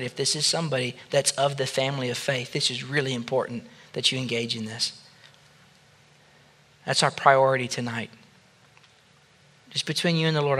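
A pastor with a very bright, forceful tone guides his listeners through prayer. He speaks softly and slowly, pausing between short phrases, at a middling pitch for a man. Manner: soft, slow prayerful guidance that rises to loud praise.

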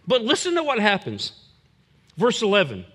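A man preaching a sermon as pastor, animated, acting out the voices of the people he quotes. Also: high voice, moderate pace, breathy edge.

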